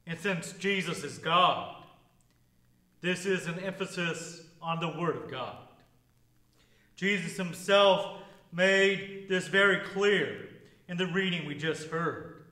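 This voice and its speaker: A man preaching a sermon as pastor, with a measured, deliberate liturgical delivery. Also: high-pitched, bright, forceful tone, roomy sound, low-quality recording.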